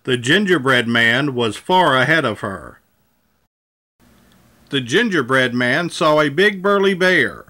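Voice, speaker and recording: Slow, bright-voiced male storyteller. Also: mid-range voice, expressive. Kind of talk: children's storybook read-aloud.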